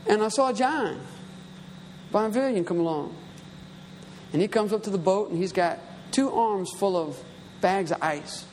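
A man's voice: high-pitched, measured pace, darkish tone. Male preacher, conversational storyteller rising to emphatic peaks; reverberant hall, faint room noise. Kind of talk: sermon.

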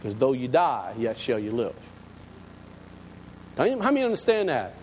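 A man's voice: mid-range voice, huge pitch swings, measured pace, a little mellow. A man, a pastor telling a story in a folksy, emphatic sermon to his congregation. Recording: long hall reverb, faint background noise.

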